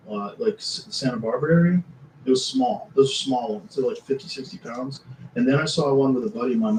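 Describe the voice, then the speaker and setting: A man's voice: medium pitch, darkish tone. A man in casual conversation, speaking emphatically and matter-of-factly about what he has seen himself. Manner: matter-of-fact, emphatic, tells his own encounters. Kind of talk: casual chat. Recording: roomy, distant mic with faint ambient noise.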